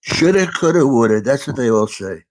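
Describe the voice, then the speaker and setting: A man hosting a podcast in casual chat, gruffly teasing his guest with mock offense and swearing. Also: medium pitch, animated, fairly quick, dry recording, poor audio. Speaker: podcast host.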